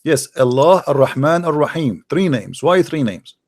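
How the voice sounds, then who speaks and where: A man hosting a debate, pressing with rapid repeated questions. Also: a little high, expressive, a little mellow. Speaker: debate host. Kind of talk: live call-in debate.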